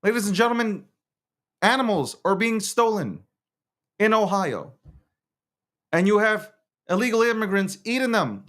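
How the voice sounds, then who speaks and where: A man's voice: high-pitched, expressive, unhurried, pauses often, a bit bright. A man hosting a show, talking in a casual political rant, swearing, laughing often and restarting his words. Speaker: show host.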